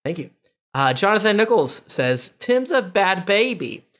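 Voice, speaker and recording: A man hosting a podcast, reading listener reviews aloud with quick asides and laughter. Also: sits high, very animated, a bit bright. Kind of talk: casual podcast chat.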